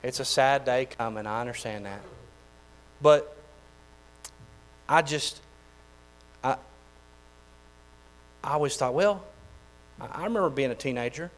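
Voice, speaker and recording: A man, preaching a sermon in a folksy, animated way with lots of repeated phrases. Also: medium pitch, measured pace, pauses often, poor audio. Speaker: pastor.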